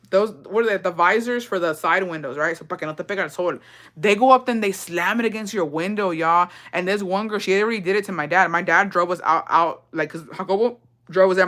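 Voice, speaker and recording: Bright, profane woman telling a story. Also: lowish voice. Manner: profane, animated storytelling with Spanish phrases and frequent laughing. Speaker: vlogger. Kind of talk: casual storytime.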